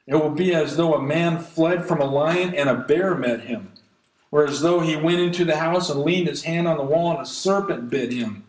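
A man's voice: fairly high pitch, normal speed, reverberant, poor audio. A man preaching a sermon, reading scripture aloud and pleading earnestly with his listeners. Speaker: pastor.

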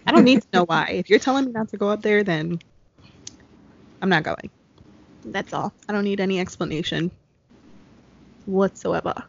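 A woman co-hosting a casual podcast, reading spooky road legends with quick, blunt, laughing asides. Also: medium pitch, creaky. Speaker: podcast co-host. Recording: dull lo-fi dry recording.

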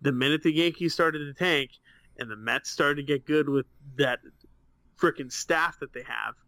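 A man's voice: fairly high pitch, moderate pace, pushed and bright, no room sound. A young man co-hosting a casual sports podcast over a webcam, ranting with heavy swearing. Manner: profane, heated, ranting. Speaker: podcast co-host.

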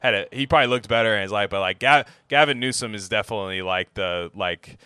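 A man chatting on a podcast, crude and jokey, tripping over his words and starting over a lot. His voice is bright and forward, and the close mic is dry with no room sound. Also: on the low side, quick pace, clean tone, no echo. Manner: crude, joking, stammers and restarts often. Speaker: podcast co-host. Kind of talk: casual podcast banter.

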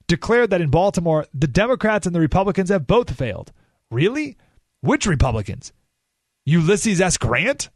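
A man's voice: fairly high pitch, no room sound, studio quality. Emphatic male talk radio host. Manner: emphatic, ranting, sarcastic asides. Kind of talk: political talk radio monologue. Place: radio studio. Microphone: studio microphone.

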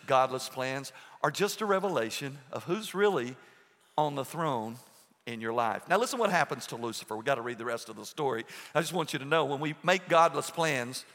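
A man preaching a sermon as pastor, earnest, with pauses and restarts. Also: fairly high pitch, pushed and bright, in a large hall.

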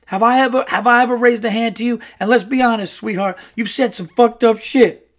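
A man putting on the voice of a brash, loud older man who tells crude, boastful bar stories. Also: very high-pitched, fairly even intonation, brisk, voice pushed up. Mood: indignant. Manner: boisterous, bragging, swearing freely.

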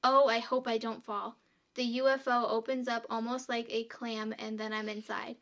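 A woman co-hosting a podcast tells a true story in a casual, chatty way, reading long quotes aloud between fillers. Her voice sits a little high, and her pitch stays quite flat and level. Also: moderate pace, highs cut off. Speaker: podcast co-host telling the story.

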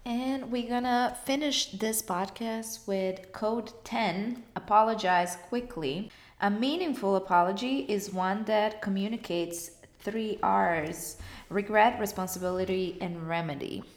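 A woman's voice: medium pitch, unhurried. A woman co-hosting a podcast, chatting casually and laughing easily. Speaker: podcast co-host. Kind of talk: casual podcast chat and book reading.

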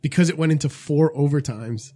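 Male co-host, higher-pitched, swears a lot, lively anecdotes. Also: brisk. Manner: profane, animated anecdotes with quoted voices. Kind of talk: casual chat, storytelling.

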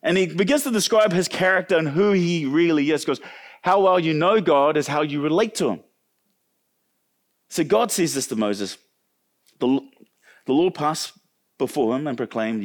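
Animated man preaching a sermon. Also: moderate pace, long pauses. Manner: animated, acts out quoted voices with big pitch jumps; many restarts and repeated words. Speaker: pastor.

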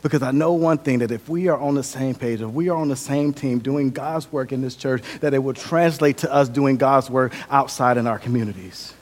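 A man's voice: mid-range voice, fairly quick, hardly any pauses. A young man from the American Midwest giving a sermon, telling his life story with earnest energy that rises and drops. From Milwaukee, Wisconsin. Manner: earnest storytelling, shifting from loud to quiet. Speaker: preacher. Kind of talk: sermon with personal testimony.

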